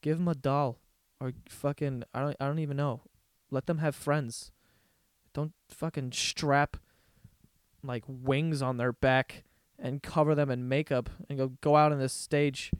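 A man's voice: medium pitch, steady tone, unhurried, smooth, no echo, clean studio sound. A man hosting a solo podcast, telling stories in a rambling, profane, laughing way. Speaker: podcast host. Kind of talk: casual solo podcast rant.

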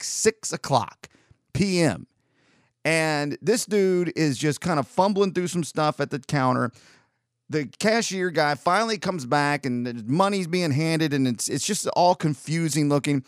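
A man's voice: on the high side, expressive, moderate pace, a bit bright, no room sound, studio quality. A man telling a long personal story as a podcast host, rambling and correcting himself as he goes. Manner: rambling, self-correcting, profane when retelling. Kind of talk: casual storytelling monologue.

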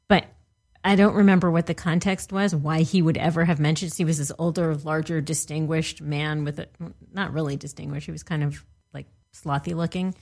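A woman in her forties co-hosts a relaxed podcast, her voice sitting a little low. She chats freely, laughs easily and often trails off mid-thought before picking the point back up. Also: brisk. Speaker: podcast co-host. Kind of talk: casual chat.

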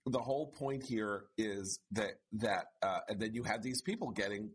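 A man's voice: fairly low pitch, moderate pace, husky. A man co-hosting a casual conversation, building his points step by step.

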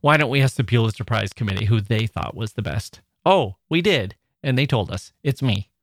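A man's voice: medium pitch, lively intonation, moderate pace, no room sound, clean studio sound. A man hosting a literature podcast, talking in a chatty, playful way and quoting people with a lifted voice. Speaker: podcast host. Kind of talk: casual monologue.

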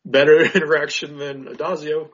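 A man co-hosting a podcast, talking sports in a relaxed, measured way with hesitant fillers. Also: fairly high pitch, slightly rough. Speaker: podcast co-host. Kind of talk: casual sports chat. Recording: dull lo-fi audio.

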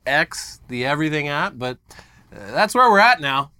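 A man's voice: on the high side, very animated, normal speed, bright, forceful tone, clean tone. A man co-hosting a tech news show, explaining stories with sarcastic quips. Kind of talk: casual tech news banter.

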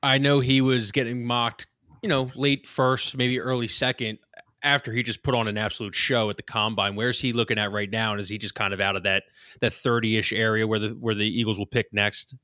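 A man's voice: on the low side, little pitch movement, fairly quick, bright, forceful tone, no echo, clean studio sound. Joking Northeastern male host. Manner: joking, conversational. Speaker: podcast host. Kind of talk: casual podcast chat.

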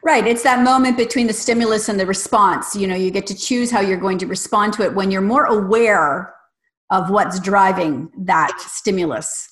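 A woman's voice: medium pitch, moderate pace, fairly bright tone. Host: woman, reflective and affirming interviewer. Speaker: podcast host. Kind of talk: podcast interview.

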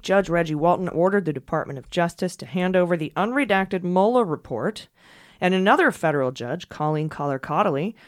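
A woman hosting a podcast, thanking her co-host and then explaining the week's news in an energetic, digressive way. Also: on the low side, no echo, studio quality. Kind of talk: casual podcast chat and news rundown.

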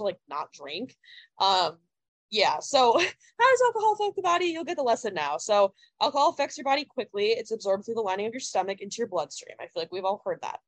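A woman's voice: medium pitch, dry recording. A young woman in her twenties co-hosting a podcast, talking casually with lots of "like" fillers and some casual swearing. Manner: chatty, heavy use of "like", casual swearing. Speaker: podcast co-host. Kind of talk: casual chat.

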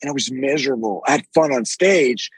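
A man with a deep, raspy voice, telling animated stories with frequent swearing as a podcast guest. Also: fairly quick, no echo, low-quality recording. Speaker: actor guest. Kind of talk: casual podcast interview.

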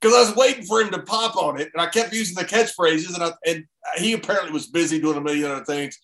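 A man's voice: on the high side, quick pace, a bit bright. A man in casual conversation who laughs easily while telling anecdotes. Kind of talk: casual chat.

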